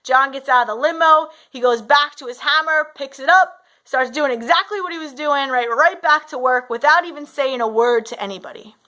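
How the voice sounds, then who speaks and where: Bright, high-voiced woman coach. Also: normal speed, few pauses. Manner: storytelling, often adds "right?". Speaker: fitness and mindset coach. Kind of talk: motivational talk to camera.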